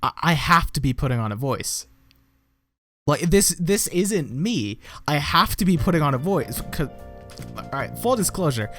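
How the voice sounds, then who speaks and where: A man's voice: a little high, big pitch swings, normal speed, fairly bright tone. Brief: young male YouTuber, casual rambling reaction, swears a lot, guitar music behind. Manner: rambling, swears often, self-mocking. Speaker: YouTuber reacting to his old videos.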